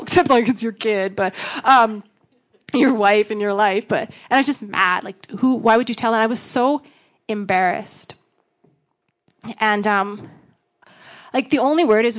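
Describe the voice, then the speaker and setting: A woman's voice: a little high, fairly quick. A woman youth pastor, giving a frank, self-deprecating personal testimony and acting out bits of dialogue. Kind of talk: candid personal testimony talk.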